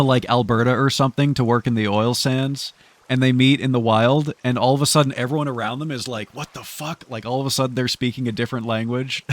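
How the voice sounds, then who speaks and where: A young male streamer with a mid-range voice chats casually about the game he's playing. He laughs easily and often stammers, restarting his sentences.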